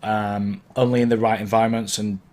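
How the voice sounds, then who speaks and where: Delivering flatly and a little fast, a man with a lowish, somewhat mellow voice hosts a DJ's live question-and-answer stream. He is relaxed, encouraging and chatty, rambling and self-correcting, his throat sore from hay fever. His microphone sits beneath the camera.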